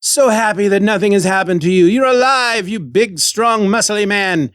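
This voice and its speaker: A man voicing a swooning adult queen in a gushing falsetto during a podcast recap. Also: moderate pace, a bit bright, no echo, clean studio sound.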